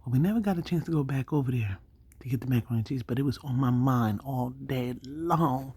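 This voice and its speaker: Husky low-voiced woman telling a story. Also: fairly quick, dry recording. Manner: animated, acts out quoted dialogue. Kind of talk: casual storytelling.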